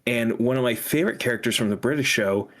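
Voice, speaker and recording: A young man co-hosting a casual podcast chat, ranting with animation and dropping into mocking high-pitched impressions. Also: fast talker, a bit bright. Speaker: podcast co-host.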